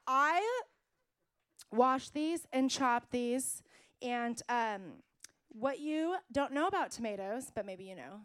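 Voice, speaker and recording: High-voiced woman preaching slowly. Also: clear, resonant tone. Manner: emphatic preaching, then chatty and playful at a kitchen table. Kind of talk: sermon with cooking demonstration.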